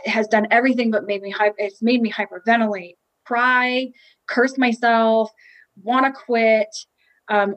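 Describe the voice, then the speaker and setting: A woman's voice: on the high side, low-quality recording. A woman telling a candid, emotional personal story about a triathlon, with restarts and quoted inner thoughts.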